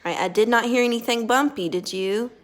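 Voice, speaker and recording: A woman speech therapist guiding a child through a lesson, speaking slowly and deliberately and praising gently. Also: a little high.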